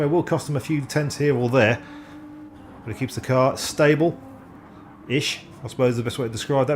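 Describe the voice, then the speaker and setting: A man giving live sim racing commentary, excitable and self-deprecating, often stumbling over driver names. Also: fairly high pitch, slight background noise.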